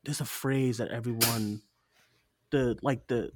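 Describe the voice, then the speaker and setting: A man's voice: medium pitch, steady tone, measured pace, noisy background. A man co-hosting a podcast, talking in a loose, rambling way with lots of fillers and frequent laughs. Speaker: podcast co-host. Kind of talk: casual chat review.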